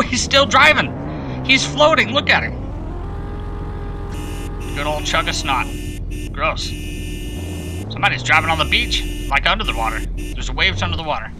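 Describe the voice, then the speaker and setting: A man's voice: high voice, sing-song, unhurried, long pauses, music in the background, poor audio. A man hosting a live game stream, chatting playfully and greeting viewers by name as he plays.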